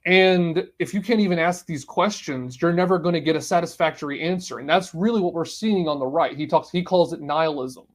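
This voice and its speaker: Male podcast host, slightly high voice, firm and emphatic solo commentary. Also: brisk, hardly any pauses. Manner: emphatic, declaring positions point by point.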